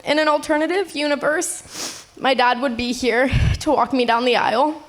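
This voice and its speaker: A young woman of eighteen reads a prepared eulogy in a high voice. Her delivery is tender and heartfelt, but steady, as she speaks to the people at a memorial gathering. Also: normal speed. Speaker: eulogy speaker, eldest daughter.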